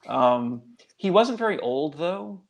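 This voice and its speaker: A man's voice: a little high, very animated, slow pace, vocal fry. A male guest author telling a local legend in a casual, chatty way, full of fillers. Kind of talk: casual storytelling.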